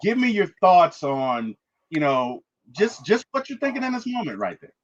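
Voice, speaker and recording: High, lively man retelling a film plot. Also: normal speed, highs cut off. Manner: emphatic, repeats points with "okay?" and "right?". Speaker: movie review host.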